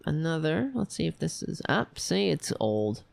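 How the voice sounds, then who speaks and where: A woman hosting a political livestream, hoarse and raspy after a long show, reading headlines and commenting in a wry, meandering way. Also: deep voice, sing-song, normal speed, darkish tone, dry recording. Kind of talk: casual opinionated commentary.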